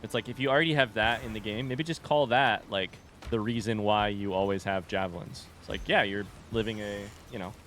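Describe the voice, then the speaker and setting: A man streaming a video game, chatting casually with a rambling, relaxed manner full of fillers. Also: on the low side, fairly quick, hardly any pauses, slight background noise. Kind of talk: casual gameplay chat.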